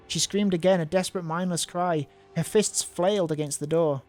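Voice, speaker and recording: Man, streamer reading aloud, higher pitch, casual asides, faint background music. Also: steady tone, moderate pace, few pauses, darkish tone. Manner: casual, mocking asides and stumbles while reading.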